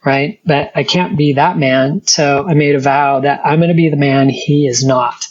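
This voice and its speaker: A middle-aged woman shares her personal testimony as an interview guest, earnest and halting, often restarting her sentences. Her voice is husky and breathy, and it comes through a dull, muffled recording. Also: low-pitched, fairly even intonation, a little mellow.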